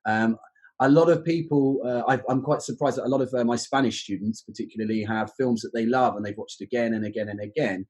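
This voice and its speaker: A man's voice: medium pitch, steady tone, brisk, darkish tone, low-quality recording. A man, a podcast guest who explains exam teaching in a reflective, conversational way.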